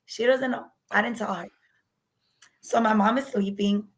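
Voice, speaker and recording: Speaking at a normal pace with medium pitch and fairly even intonation, a woman shares her story as an interview guest. She is candid and reenacts past dialogue, while poor audio and slight background noise accompany her.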